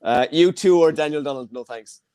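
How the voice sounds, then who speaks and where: A man's voice: fairly high pitch, darkish tone, clear, resonant tone, no room sound. An Irish man hosting an online comedy show, bantering and teasing his guests over a video call. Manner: teasing, quick to joke.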